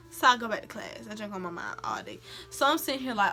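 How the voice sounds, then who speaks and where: A woman's voice: medium pitch, fast talker, gravelly, few pauses, soft background music. A young woman telling a personal story in a casual, slangy vlog, acting out quotes. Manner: animated, slangy, acts out quotes. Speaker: vlogger.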